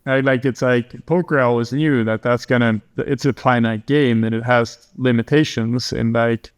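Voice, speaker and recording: A male podcast host with a smooth, resonant voice. He talks loosely and hesitantly, with plenty of fillers as he feels for his words. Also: medium pitch, fairly even intonation, normal speed. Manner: rambling, hesitant, many fillers. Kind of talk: casual interview chat.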